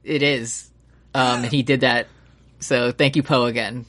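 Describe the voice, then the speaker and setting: A man's voice: mid-range voice, steady tone, a little slow, fairly bright tone. A man co-hosting a podcast in casual chat, an English teacher who rambles, swears and restarts often. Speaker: podcast co-host.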